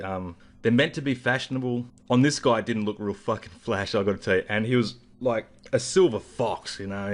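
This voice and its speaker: A man's voice: mid-range voice, a bit bright. A man in a vlog, ranting and rambling through a story with heavy swearing. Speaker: vlogger.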